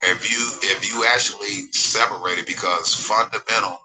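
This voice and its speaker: A man in his forties rambles through a livestream monologue, reading chat comments and often asking viewers if they follow him. He is emphatic and digressive, repeats phrases, and seeks agreement. His voice is fairly low, with a steady tone, normal speed, and a bright, forceful quality, on a low-quality recording.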